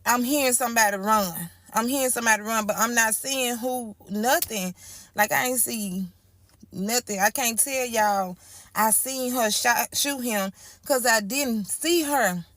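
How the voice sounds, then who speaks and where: Chatty woman with a higher voice. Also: unhurried, fairly bright tone. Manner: chatty, repetitive, speaks straight to listeners. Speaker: storyteller. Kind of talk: casual first-person storytime.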